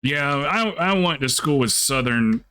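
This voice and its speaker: A man's voice: mid-range voice, lively intonation, a little slow, pushed and bright, clean tone. A man from South Carolina, streaming a game and telling rambling, joking stories in casual chat. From South Carolina, USA. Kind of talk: casual chat while gaming.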